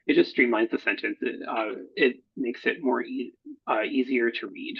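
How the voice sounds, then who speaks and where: A man who edits research proposals, talking through slides in a recorded workshop, halting often with fillers and self-corrections. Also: mid-range voice, vocal fry, breathy edge. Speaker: proposal editor. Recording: dull lo-fi recording.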